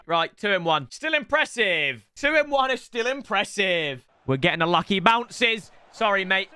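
A young male streamer, high-pitched and moderately paced, keeps up excitable commentary on his game while trash-talking the opponent and shouting at key moments.

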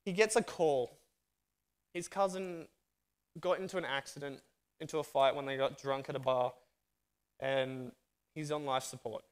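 A man with an Australian accent telling a story in a sermon, narrating lively and acting out the dialogue. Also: mid-range voice, normal speed, pauses often, clean tone. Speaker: guest speaker.

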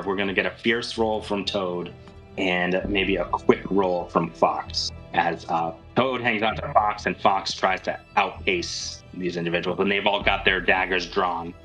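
Give me a man with a low, bright voice narrating a tabletop game as game master. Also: poor audio. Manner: descriptive, easygoing narration.

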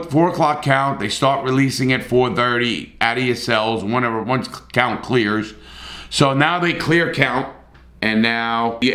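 A man's voice: mid-range voice, a bit bright, reverberant. A middle-aged man telling a story in a blunt, profane, casual way, with repeated starts.

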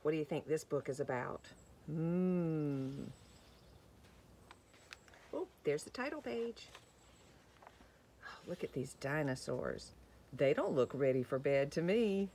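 A woman reading a picture book to young children, gentle and slow, asking questions about the pictures. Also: deep voice, sing-song, a little hiss or hum. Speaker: children's story time reader.

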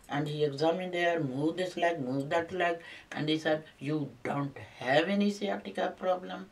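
An older man telling a personal complaint at length, halting and repetitive, with many fillers. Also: on the high side, recorded from a distance, poor audio.

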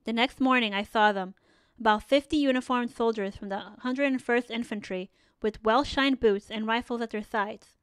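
A woman narrating a first-person memoir audiobook in an earnest, measured storytelling manner, close to a studio mic. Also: fairly high pitch, clear, resonant tone, no room sound.

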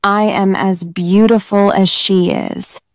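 A scheming young witch, coaxing and sly, as a woman reads her aloud. Her words come slowly and softly in a smooth, clear voice. The recording is dry and close. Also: mid-range voice, fairly even intonation, no echo.

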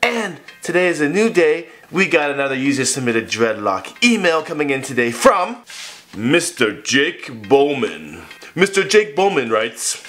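Man, vlog host, playful, chatty, slightly high voice, guitar music behind. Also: big pitch swings, measured pace. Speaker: vlogger giving hair advice. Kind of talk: casual video Q&A.

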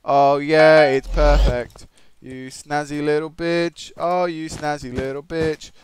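An excitable Australian man giving gameplay commentary, swearing and swinging between shouted outbursts and low muttering. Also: slow. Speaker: gaming commentator.

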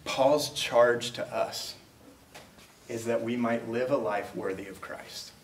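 A man's voice: medium pitch, takes it slowly, a little hiss or hum. A man preaching a sermon as a pastor, talking in a conversational way and acting out quoted exchanges. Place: church auditorium. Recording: roomy, from a distance.

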